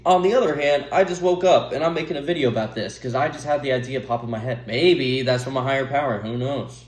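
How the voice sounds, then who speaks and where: A young man giving rambling, earnest advice to camera, breaking off to laugh at himself and drift off topic. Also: mid-range voice. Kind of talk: rambling casual monologue to camera. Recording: echoey room.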